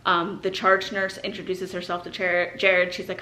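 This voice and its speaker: A woman's voice: on the low side, normal speed. A young woman vlogger casually telling a story to camera, acting out what others said and using "like" a lot. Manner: animated, acts out quoted voices, frequent "like". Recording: roomy echo.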